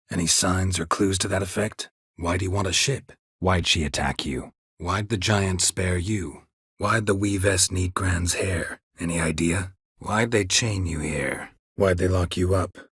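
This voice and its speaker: An actor playing a gruff, laconic middle-aged monster hunter in a game, with a husky voice and clipped, dryly sarcastic questions. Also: male voice, fairly bright tone, dry recording, exaggerated voice. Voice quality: husky, gravelly low voice. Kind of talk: game voice acting. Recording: dry close studio recording.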